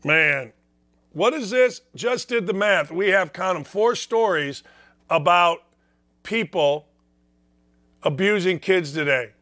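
A middle-aged man running a sports talk radio show from a studio microphone, his voice high and bright. He rants bluntly and sarcastically, firing off opinions without holding back. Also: lively intonation, slow pace, pauses often. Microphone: studio microphone with earpiece.

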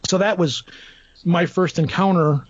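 A middle-aged man with a slightly high voice tells a rambling personal story, slipping into the voices of people he quotes. The recording sounds dull and lo-fi, with a dry, close sound. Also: unhurried, dry recording. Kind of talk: casual storytelling.

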